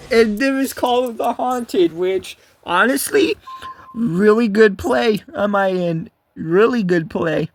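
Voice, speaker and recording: A man giving casual, rambling commentary over his own gameplay, swearing freely and often breaking off to restart his sentences. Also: high-pitched. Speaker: gaming video creator.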